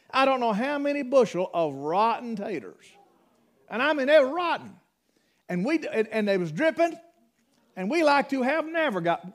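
Man preaching, homespun storyteller, rather high voice, middle-aged. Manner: folksy storytelling with rural dialect. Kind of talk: sermon.

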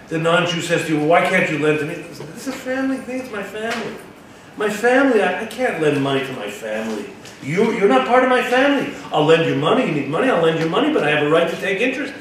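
A man giving a Torah-study lesson, reading a Hebrew text aloud, translating it, and asking his listeners rhetorical questions. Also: fairly high pitch. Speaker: Torah teacher. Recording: echoey room, distant mic, faint background noise.

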